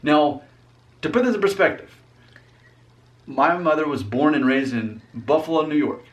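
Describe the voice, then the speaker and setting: A man's voice: on the high side, expressive, moderate pace. A young man from Alabama chatting casually as a vlog host, explaining things in an easygoing, rambling and teasing way. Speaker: vlogger host. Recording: voice a little off-mic.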